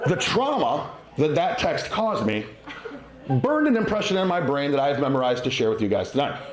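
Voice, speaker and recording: Animated male comedian in roomy venue. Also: a little high, moderate pace. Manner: conversational, self-mocking, acts out silly voices. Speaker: stand-up comedian. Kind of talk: stand-up comedy set. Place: winery venue with live audience. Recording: roomy live venue with audience laughter.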